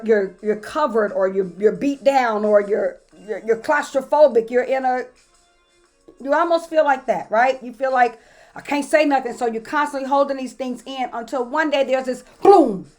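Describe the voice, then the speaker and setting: A woman pastor giving a casual, colloquial motivational talk to live viewers, repeating words as she builds each point and greeting people by name. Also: sits high. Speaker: pastor and host.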